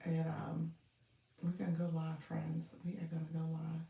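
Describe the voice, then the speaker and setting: A woman hosts a casual home livestream, speaking low and soft, almost in a whisper. Her voice is a bit gravelly and she greets viewers one by one. She sits back from the mic in an echoey room. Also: completely flat delivery, moderate pace, distant mic, muffled recording. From Florida. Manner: talks softly and low, near a whisper; chatty, greets viewers by name. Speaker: livestream host and coach.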